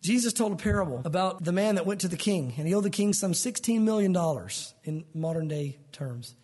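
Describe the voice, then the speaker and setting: A man's voice: high-pitched, expressive, a little fast, a little mellow, breathy edge. A man preaching a sermon in a conversational, earnest way, explaining verses in plain words and calling the listeners "guys". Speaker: pastor.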